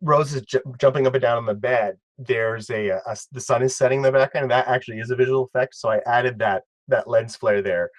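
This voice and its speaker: A man co-hosting a casual video commentary, talking in a rambling, excitable way with many restarts. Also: medium pitch, quick pace, hardly any pauses, no room sound. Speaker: co-host and video editor.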